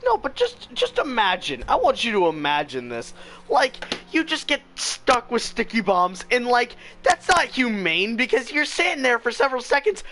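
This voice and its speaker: Bright, excitable young gamer. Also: mid-range voice, moderate pace, slight background noise. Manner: animated, laughing, excitable. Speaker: let's play host. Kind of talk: casual chat while gaming.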